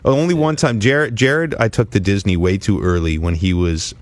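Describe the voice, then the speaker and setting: A man's voice: moderate pace, a little hiss or hum. A middle-aged man from Canada hosting a comedy podcast, telling a story in casual chat and acting out the people in it. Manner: animated storyteller, acts out quotes with high shrieks and laughs. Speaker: podcast host.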